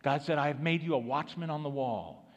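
Male pastor, sermon delivery, somewhat high voice, emphatic, long church reverb. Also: a little fast. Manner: emphatic preaching, rising and dropping in force.

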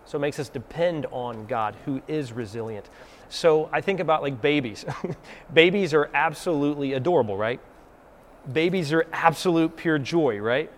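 A man's voice: a little high, normal speed, a little hiss or hum. A man with a Southern American accent, chatting casually about faith and using folksy everyday analogies. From Southern United States. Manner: folksy, uses homespun analogies.

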